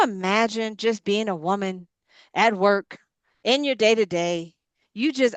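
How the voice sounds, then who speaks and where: A woman's voice: medium pitch, unhurried, smooth, dry recording. A woman who leads a ministry and coaches women, giving a preaching-style motivational talk. She speaks emphatically and builds her points in punchy, repeated parallel lines. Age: adult mother of grown girls.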